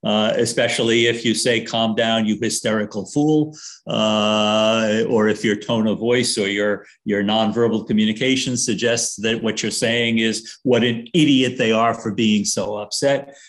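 An older man giving a lecture on risk communication, calling for the next slide, speaking in a halting way with many fillers and restarts and a dry sense of humor. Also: on the low side, flat delivery.

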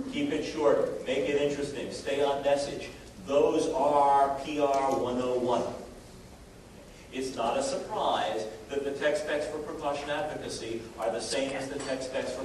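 Wry man lecturing in an echoey hall. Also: fairly high pitch. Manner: wry, conversational, with many fillers and restarts. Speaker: lecturer on risk communication. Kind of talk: live lecture to an audience. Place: room full of listeners. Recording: very echoey room, distant mic, steady noise.

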